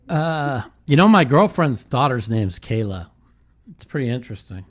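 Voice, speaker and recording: Guy hosting a call-in show, swears a lot, laughs a bunch, middle-pitched voice. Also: sing-song, measured pace. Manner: blunt, profane, laughs often. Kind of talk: casual call-in talk.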